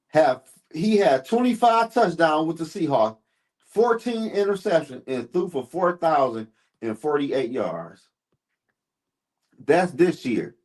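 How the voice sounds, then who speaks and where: A man hosting a live sports stream, ranting heatedly and profanely while answering his chat. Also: a little high.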